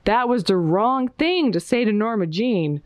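A woman reading a children's picture book aloud with an expressive, lilting storybook delivery. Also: mid-range voice, measured pace, dull audio, very noisy.

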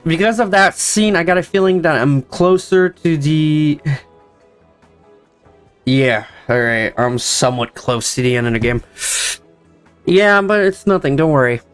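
A young man reading a visual novel aloud and switching between its characters, his voice sitting a little high. He breaks in with joking asides of his own. Faint music plays behind him. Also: unhurried, long pauses, fairly bright tone, clear, resonant tone. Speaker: gameplay narrator. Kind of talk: reading game dialogue aloud with commentary.

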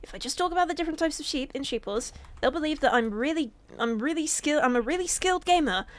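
A young woman with a high voice chatters over her gameplay as a YouTuber. She rambles, jumps into mock-dramatic pleading and laughs at herself. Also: animated, fast. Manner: rambling, comically dramatic and self-mocking. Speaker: gaming YouTuber. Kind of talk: casual gameplay commentary.

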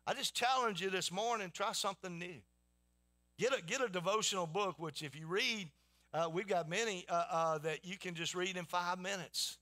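A man's voice: high-pitched, moderate pace, sharp tone. A man preaching a sermon in a folksy storytelling way, with many restarts. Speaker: pastor.

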